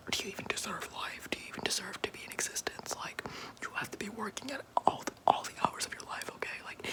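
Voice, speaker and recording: A young woman voicing a greedy, cruel billionaire boss man in a comic whispered role-play, with a put-on deeper, soft, whispery voice and a smug, mocking manner. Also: close to an everyday voice. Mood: menacing whisper.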